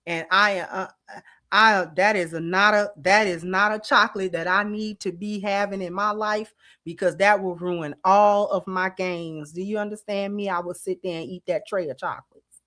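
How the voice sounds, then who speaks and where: A middle-aged woman, hosting a casual livestream and talking straight to her viewers in an animated, drawling way. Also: medium pitch, normal speed. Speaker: channel host.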